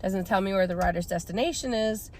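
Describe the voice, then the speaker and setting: A woman's voice: mid-range voice, fairly quick, a little mellow, slight background noise. A woman in her thirties, a rideshare driver casually telling a story and acting out the people she quotes.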